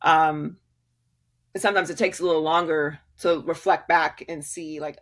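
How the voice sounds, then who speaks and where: A woman with a somewhat low voice talks through career advice in a candid interview. She is emphatic and laughs often, circling back and restarting her sentences as she goes. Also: steady tone, moderate pace, fairly bright tone. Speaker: sports media guest.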